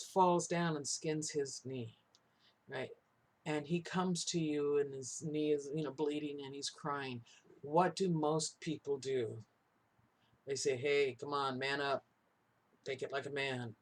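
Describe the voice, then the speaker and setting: A male college instructor delivers a lecture in an easy, conversational way. His voice sits a little high for a man. He keeps checking in with his listeners and slips into quoted voices to make his points. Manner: talks in tag questions, acts out quoted voices.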